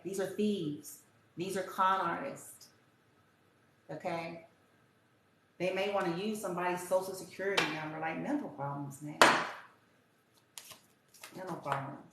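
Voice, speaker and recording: A woman giving a casual tarot reading in a blunt, profane, rambling rant. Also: on the low side. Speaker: tarot reader. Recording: very echoey room with faint hiss.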